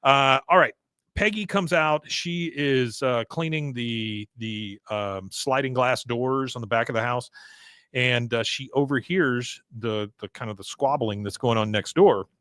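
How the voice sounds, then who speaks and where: A man's voice: medium pitch, measured pace, a bit bright, no echo, studio quality. Man casually recapping an episode. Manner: rambling, retelling with laughs. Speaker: podcast host.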